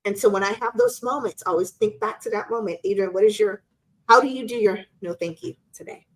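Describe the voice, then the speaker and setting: A middle-aged woman co-hosting a casual live-stream chat, telling an animated story and acting out quotes in squeaky voices. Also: a little fast. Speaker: co-host.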